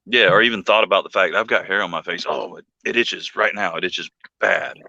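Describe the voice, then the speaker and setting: A man's voice: low voice, steady tone, fairly quick, vocal fry, bright, forceful tone, no room sound, muffled recording. A man co-hosting a livestream, chatting casually, rambling and joking and greeting viewers by name. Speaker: livestream co-host.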